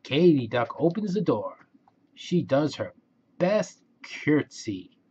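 A man reading a children's picture book aloud in a gentle, expressive way. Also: a little high, takes it slowly, breathy edge. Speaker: storybook reader. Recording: dull lo-fi recording.

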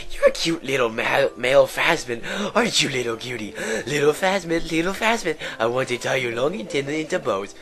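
A man's voice: medium pitch, expressive, a little fast, hardly any pauses, a bit bright, voice pushed up, lightly acted. A man voicing a creepy, bug-obsessed young princess girl in his game commentary, gushing in a breathless, sing-song squeal. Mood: cooing. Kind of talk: let's play commentary with a put-on voice.

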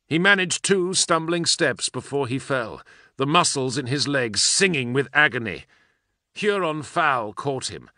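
A man reading a book passage aloud in a theatrical, expressive audiobook style. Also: fairly high pitch, no room sound, clean studio sound. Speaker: guest reader.

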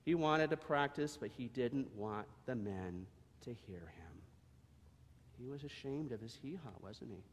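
A man reading a storybook aloud to children in church, expressive and gentle, then leading a prayer. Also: mid-range voice, a little slow. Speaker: church leader giving children's message. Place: church sanctuary. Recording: long echo of a church sanctuary.

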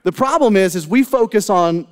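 Male pastor, high voice, chatty sermon full of rhetorical asides, long hall reverb. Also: animated, normal speed. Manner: conversational, rhetorical questions and asides to the congregation. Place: church sanctuary.

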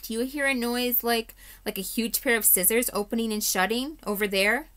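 A woman's voice: on the high side, normal speed, a bit bright, pitched above the performer's own voice, natural voice. A woman reading aloud voices a nervous boy who is jittery and uneasy. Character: nervous boy hearing things in the dark.

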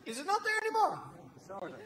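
A man with an Irish accent doing stand-up comedy, talking in a manic, shouting way and acting out characters. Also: very high voice, wildly swooping pitch, fast talker, a crowd in the background. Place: theatre stage before a live audience. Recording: live show with audience noise.

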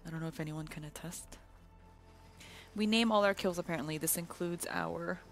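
A woman's voice: lowish voice, moderate pace, vocal fry, faint music behind. A woman from Canada, a community manager chatting casually while streaming a video game, playful and giggly, sometimes dropping to a whisper. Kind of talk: casual gameplay chat.

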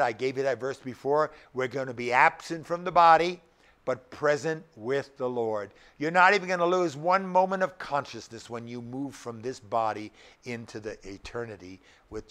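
A man's voice: medium pitch, sharp tone. Older man, pastor, sermon, emphatic, rhetorical questions to congregation.

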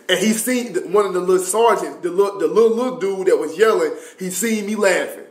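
A young man telling a story in a casual, animated, profane way with lots of slang and fillers. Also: high-pitched, a little fast. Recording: roomy echoey room.

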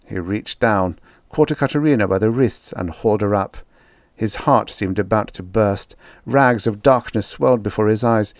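Low-voiced man reading a dramatic story. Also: moderate pace, no room sound, clean studio sound. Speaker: audiobook narrator. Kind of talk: scripted narration.

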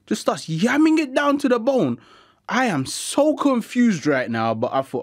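A young man telling a comic story in an animated, slangy, conversational way. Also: extremely high pitch, unhurried. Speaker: comedic storyteller. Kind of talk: comic monologue narration.

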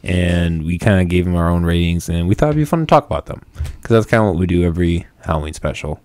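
A man's voice: low-pitched, fast talker, darkish tone, no echo. A young man hosting a podcast, joking and self-mocking and laughing often, on a studio mic with headphones. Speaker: podcast host. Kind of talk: casual chat.

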